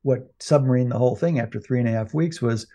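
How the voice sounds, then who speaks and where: A man's voice: medium pitch, fast talker, dark tone. A man co-hosting a podcast, talking casually with many fillers and restarts. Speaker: podcast co-host.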